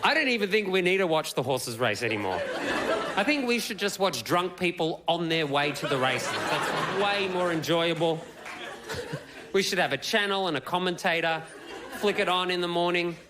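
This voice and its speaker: A man's voice: high voice, animated, normal speed, over a noisy crowd. A young man from Melbourne with an Australian accent, doing a punchy, cheeky stand-up set on a comedy club stage into a handheld mic. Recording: loud live audience and noise.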